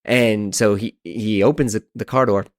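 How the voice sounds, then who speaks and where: Low-voiced man telling a story. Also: normal speed, no echo, clean studio sound. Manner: animated, exasperated, self-mocking storyteller. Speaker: podcast host. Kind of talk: casual storytelling monologue.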